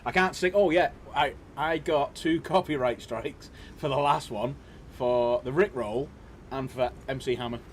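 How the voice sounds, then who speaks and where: A man hosting a casual livestream, jokey and laughing often, with loud cheerful greetings. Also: mid-range voice, unhurried, a little hiss or hum. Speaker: livestream host.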